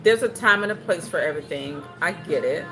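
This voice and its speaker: A woman's voice: deep voice, a little fast, music in the background. A young woman, hosting a home livestream, reading viewer comments and joking around in casual chat. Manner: animated, joking, playful put-on voices. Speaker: livestream host.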